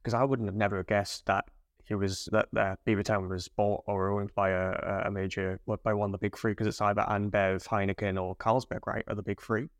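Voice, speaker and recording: Fast-talking young man, dry close sound. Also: on the low side, little pitch movement, no room sound. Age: young adult. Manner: quick, jokey, casual. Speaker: podcast co-host. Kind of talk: casual chat.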